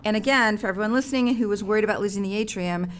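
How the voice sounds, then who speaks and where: Fast-talking woman board member. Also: mid-range voice. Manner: brisk, informal. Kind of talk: public meeting remarks.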